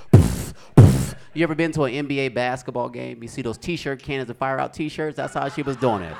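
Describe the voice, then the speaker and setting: A man doing stand-up comedy, telling animated stories with sound effects on stage. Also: medium pitch, noisy background.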